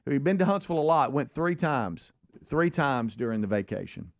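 A man co-hosting a radio show, talking in an easygoing, halting way with many restarts. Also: mid-range voice, very animated, no echo, studio quality. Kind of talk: casual morning-show chat.

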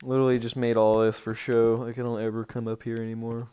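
A man giving casual, rambling commentary on a tour of his game village, easily excited and breaking into sudden outbursts. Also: medium pitch, fast talker, smooth.

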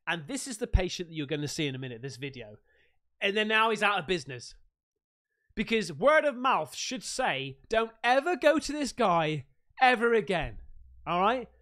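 An excitable English man giving casual reaction commentary as a video host, swearing and exclaiming loudly. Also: high-pitched.

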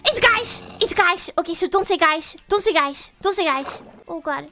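A woman from Europe commentating her live game stream in an excitable way, often breaking into startled shrieks. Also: very high voice, moderate pace, slight background noise.

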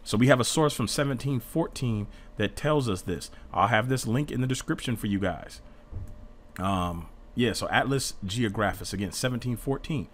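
A man's voice: mid-range voice, moderate pace, fairly bright tone. A man teaching an informal Bible study in an earnest, defensive way, reading passages aloud and explaining them.

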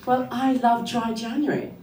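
A woman's voice: a little high, moderate pace, mellow. A young woman doing a stand-up comedy set, telling dry one-liners and laughing at her own jokes. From France. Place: comedy club stage. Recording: echoey room, voice from a distance. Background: audience laughter.

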